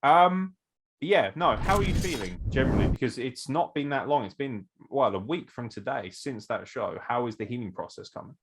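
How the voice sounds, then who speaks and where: A man hosting a podcast with a lively, swooping delivery. He jokes constantly in a theatrical, mock-formal way. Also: medium pitch, moderate pace, slight background noise. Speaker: podcast host and interviewer. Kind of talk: casual comedic podcast chat.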